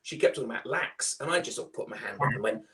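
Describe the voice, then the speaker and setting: Man, Liverpool accent, middle-aged, loud, chatty, storytelling. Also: mid-range voice, animated, racing, background noise. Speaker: foster carer guest. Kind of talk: casual storytelling.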